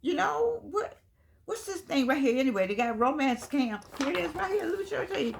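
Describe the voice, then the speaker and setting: With a high, creaky voice full of big pitch swings, an older Southern woman from the United States vlogs briskly to camera over slight background noise. Her talk is casual and folksy, rambling into digressions punctuated by laughs.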